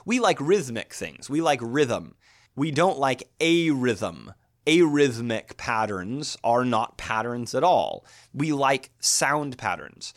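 With a mid-range voice, this literature teacher in his thirties works through a poetry lecture, animated and reflective, thinking aloud and often making small restarts.

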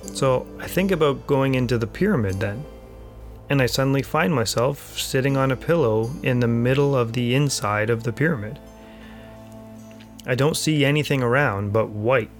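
A man's voice: mid-range voice, normal speed. Man narrating, faint music behind. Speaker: podcast host. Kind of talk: scripted first-person narration.

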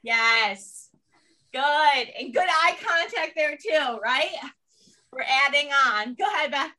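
Bright, high-voiced upbeat woman instructor. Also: lively intonation, slow pace, distant mic. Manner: upbeat and encouraging, cueing movement and breath. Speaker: fitness class instructor. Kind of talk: guided movement and mindfulness class.

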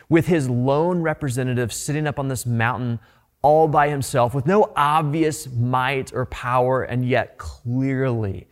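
A man's voice: mid-range voice, normal speed. A middle-aged man preaching a sermon as a pastor, conversational and emphatic, often repeating his phrases for weight.

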